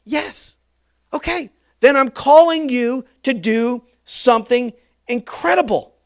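A male pastor preaching a sermon, retelling a scene dramatically and switching between quiet, intimate passages and loud, urgent ones. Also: very high voice, measured pace, smooth. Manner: dramatic, acts out voices of biblical figures, swings from soft to loud.

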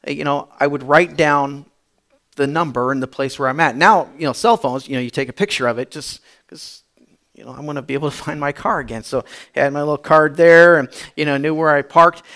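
A male pastor telling a story in a sermon, chatty and repetitive, building to loud emphatic bursts. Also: a little high.

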